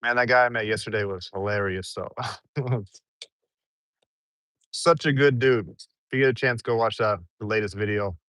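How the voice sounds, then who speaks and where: A man's voice: on the low side, moderate pace, long pauses, a bit bright, no echo. A young American man chatting casually in a travel eating vlog, laid-back and rambling, with frequent chuckles. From United States. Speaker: travel vlogger. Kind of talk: casual mukbang vlog chat.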